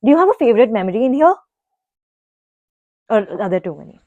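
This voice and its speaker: Woman, interview host, short encouraging reactions, warm tone, muffled dry audio. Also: fairly high pitch, very animated, fast. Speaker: interviewer, cofounder of the channel.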